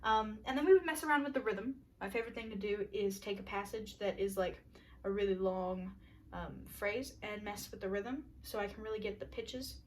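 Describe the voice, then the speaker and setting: For a music class project, a young woman talks through vocal warm-ups in an easygoing, filler-heavy way, singing quick solfege drills as demonstrations. She speaks at normal speed in a mid-range voice, far from the microphone.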